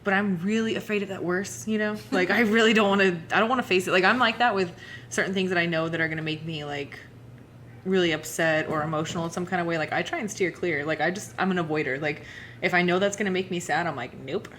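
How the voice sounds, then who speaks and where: A woman's voice: on the low side, quick pace, a bit bright, a little hiss or hum. A young woman hosting a podcast in casual chat, frank and sweary, rambling with lots of filler words. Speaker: podcast host.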